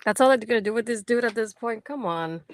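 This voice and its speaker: A woman's voice: fairly high pitch, quick pace. A woman co-hosting a casual wrestling post-show, blunt and sarcastic in her opinions. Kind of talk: casual chat.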